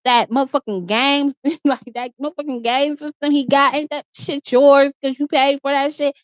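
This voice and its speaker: Woman venting a storytime rant in her room, kinda high voice, real heated and cussing a lot, sound a bit muffled. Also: steady tone, normal speed, no room sound. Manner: heated, profane, repeats herself when riled. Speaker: vlogger. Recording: dull, slightly muffled sound.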